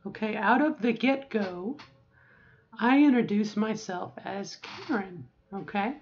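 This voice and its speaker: A woman's voice: medium pitch, highs cut off. A middle-aged woman talking casually to camera, rambling with asides and often checking in with "okay?". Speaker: vlogger.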